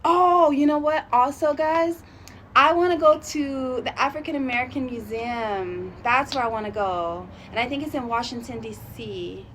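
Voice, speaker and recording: A woman with a slightly high voice rambles through a casual vlog, thinking out loud and calling herself a sensitive, emotional person. Her talk is loose and friendly, and a faint room ambience sits behind her. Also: moderate pace, slight background noise. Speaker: vlogger.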